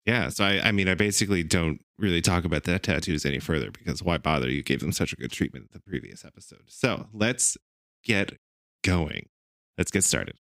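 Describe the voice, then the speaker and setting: A man's voice: low-pitched, lively intonation, brisk, vocal fry, fairly bright tone, no room sound, clean studio sound. A man co-hosting a casual podcast, enthusiastically explaining a topic. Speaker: podcast co-host presenting the topic.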